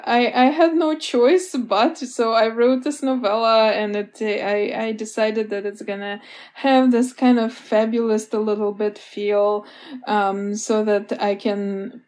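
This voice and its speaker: A woman author chats as an interview guest in a slightly high voice. She rambles in loose, looping sentences and keeps dissolving into light laughter. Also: a little mellow. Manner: giggly, rambling, laughs often. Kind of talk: casual interview chat.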